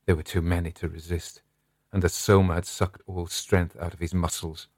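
A man narrating a Victorian horror story in a slow, dramatic, drawn-out delivery. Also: sits low, flat delivery, darkish tone, dry recording, studio quality.

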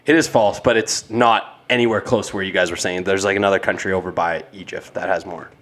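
A man's voice: low-pitched, fairly even intonation, brisk, a bit bright, a little hiss or hum. A man co-hosting a casual podcast chat, teasing and playful. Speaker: podcast co-host.

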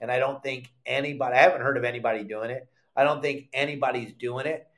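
A man's voice: mid-range voice, fairly even intonation, quick pace, a bit bright. An older man hosting a live fishing show, talking in a heated, emphatic way and repeating words for stress. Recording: echoey room.

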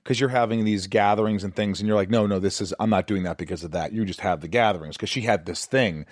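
A man's voice: fairly low pitch, quick pace, no echo, studio quality. A man hosting a podcast interview in a loose, joking, conversational way. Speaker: podcast host. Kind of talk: casual interview chat.

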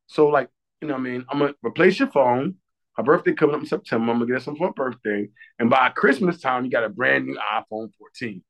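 A man's voice: medium pitch, animated, quick pace, a bit bright. A man co-hosting a podcast, telling a story in casual, profane chat and acting out other people's lines with lots of energy. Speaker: podcast co-host.

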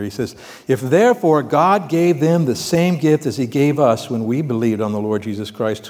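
Preacher in a reverberant hall. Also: male voice, medium pitch. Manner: animated, swings between loud emphatic bursts and quiet asides; conversational, asks the congregation questions. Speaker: preacher teaching from the Bible. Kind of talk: sermon. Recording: long reverb of a large hall.

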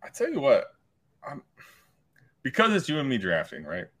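A man co-hosting a casual podcast, talking things through in a relaxed way. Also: medium pitch, normal speed. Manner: relaxed, thinks aloud with restarts. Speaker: podcast co-host.

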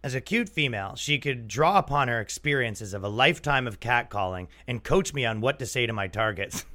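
A man's voice: mid-range voice, animated, fairly quick, pushed and bright. A young man hosting a comedy podcast, chatting loosely and jokingly, slipping into exaggerated mock voices. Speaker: podcast host. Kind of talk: casual comedic podcast riffing.

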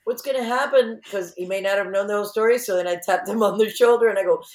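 A woman's voice: mid-range voice, very fast, reverberant. A woman guest in an interview, chatting casually and acting out quotes as she tells stories. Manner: animated storyteller, acts out quotes.

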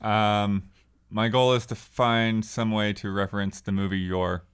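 A man co-hosting a casual podcast, relaxed and a bit hesitant as he explains things. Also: fairly low pitch, measured pace, smooth. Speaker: podcast co-host. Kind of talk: casual panel podcast chat.

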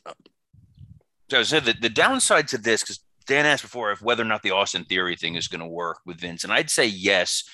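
A man co-hosting a podcast, laying out a confident, fast-moving argument with casual swearing. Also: fairly low pitch, pushed and bright, no echo. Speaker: podcast co-host. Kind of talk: podcast analysis.

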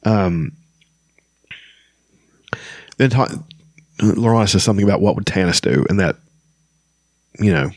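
A man reading a fantasy novel aloud and breaking off for casual, halting commentary. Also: deep voice, lively intonation, darkish tone, no room sound, studio quality. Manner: casual, halting asides with fillers. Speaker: book reader and commentator.

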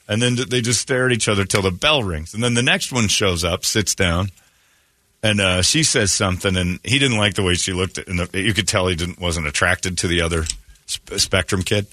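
A man with a low but bright, forceful voice talks casually on morning radio. He tells stories with energy and jumps into raised voices to act out what people said. The studio sound is dry and close. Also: moderate pace, no echo. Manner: animated storyteller, acts out quotes in raised voices. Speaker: radio show host.

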